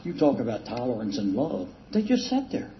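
A man's voice: mid-range voice, wildly swooping pitch. Older man telling a rambling recovery story. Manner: rambling, self-deprecating, with halting restarts and chuckles. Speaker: speaker sharing a recovery story. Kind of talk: casual storytelling talk. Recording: dull lo-fi recording with faint hiss.

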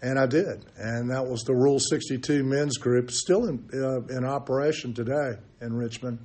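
Medium-pitched, steady, and darkish in tone, an older man speaks at normal speed as he recounts his recovery at a meeting. His candid, self-mocking story comes out loosely, peppered with ums and false starts.

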